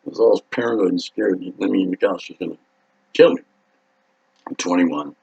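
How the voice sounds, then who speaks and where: Raspy 50s rocker dude rambling thru a cuss-heavy story, muffled lo-fi sound. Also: male voice, low voice, moderate pace, darkish tone. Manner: profane, rambling, laughing, acts out voices. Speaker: rock singer telling a story. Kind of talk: casual storytelling. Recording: dull lo-fi sound.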